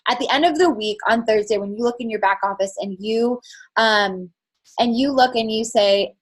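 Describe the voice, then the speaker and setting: A woman's voice: a little high, normal speed, slightly rough. A woman coaching her team on a call, talking frankly and casually with lots of fillers and the odd swear word. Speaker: network marketing fitness coach. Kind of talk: candid motivational team call talk.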